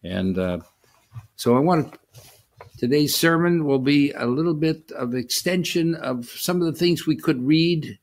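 A man preaching a sermon, talking in a halting way with many fillers and restarts. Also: medium pitch, gravelly.

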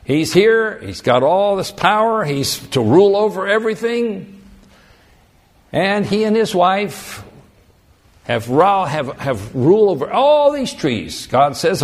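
A male preacher delivering a sermon with lively swings in pitch and a slightly high voice. He drives his points home with rhetorical questions and emphatic repetition. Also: a little slow.

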